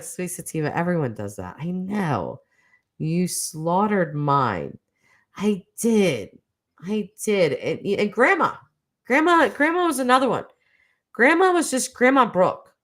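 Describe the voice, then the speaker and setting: A woman's voice: lowish voice, fairly bright tone. A woman in her forties hosting a livestream, chatting casually with viewers, reading their comments and poking fun at herself. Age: 40s. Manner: chatty and self-mocking, laughs often. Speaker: livestream host.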